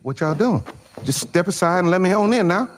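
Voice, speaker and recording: A coaxing, polite vampire. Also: male voice, sits high, animated, a little fast, a little hiss or hum. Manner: coaxing, mock-polite drawl. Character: smooth-talking male vampire seeking an invite. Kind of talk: film dialogue.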